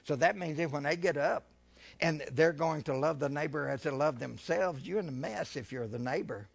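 A man's voice: a little high, vocal fry, husky. A man preaching a sermon with fervour, questioning his listeners and drawing out and swelling his voice on scripture. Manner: fervent preaching, slows and swells louder when reading scripture; asks the congregation questions, repeats phrases.

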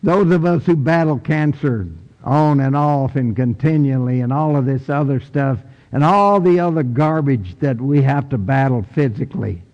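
A man with a Kentucky accent preaching a sermon, passionate, rising to near shouts and stretching out his phrases. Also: medium pitch, normal speed, big-room sound, dull audio.

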